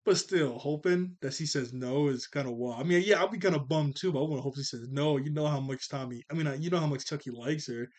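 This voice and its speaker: Chill twenty-something guy rambling through a cartoon review, fixes his own slips, slightly high voice. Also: quick pace, hardly any pauses, a little mellow. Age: 20s. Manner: rambling, laid-back, self-correcting. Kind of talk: casual review chat.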